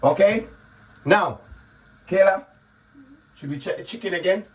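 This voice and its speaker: A comedian and cooking vlogger talks casually through a home cooking video in his kitchen, chatty as he explains and often checking in with "okay?" His voice is high-pitched and his pace measured, with slight background noise.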